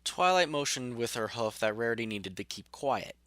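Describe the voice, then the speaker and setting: A man narrating a fan audio story in a measured, even way. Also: mid-range voice, dry recording.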